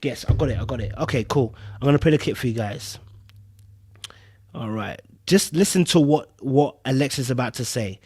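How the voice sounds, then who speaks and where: A man's voice: medium pitch, expressive, moderate pace, darkish tone, slightly rough. A man hosting a live podcast stream, reacting to a reality show clip in casual, emphatic commentary, repeating himself and talking straight to viewers. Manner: emphatic, repetitive, addresses viewers and chat directly.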